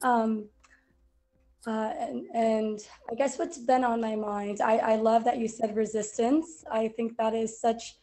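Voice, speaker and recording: A woman's voice: a little high, level tone, measured pace, warm tone. Thoughtful woman on a computer mic. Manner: thoughtful, hesitant, many ums. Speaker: participant on a call. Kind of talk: casual group video call.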